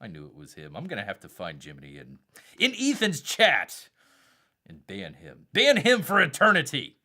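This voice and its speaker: Hosting a laid-back live stream, a man with a Southern accent rambles, reads viewer chats aloud and calls himself by a nickname in the third person. His low voice swoops wildly in pitch at a moderate pace, bright and forceful.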